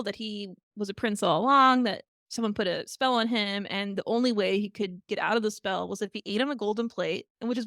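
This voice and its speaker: A woman co-hosting a podcast, casually retelling a fairy tale with animated storytelling. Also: mid-range voice, no echo. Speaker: podcast co-host. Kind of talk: casual chat.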